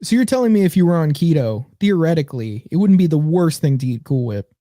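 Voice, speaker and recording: A man's voice: on the high side, expressive, fast talker, dark tone, no room sound, studio quality. A man co-hosting a casual podcast, rambling and hesitant, then playfully insistent as he needles his friend. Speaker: podcast co-host.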